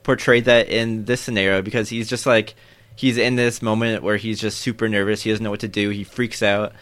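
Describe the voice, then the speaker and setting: A man's voice: fairly low pitch, little pitch movement, brisk, a bit bright. A man co-hosting a casual anime discussion, thinking aloud in long rambling turns full of fillers. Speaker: podcast co-host.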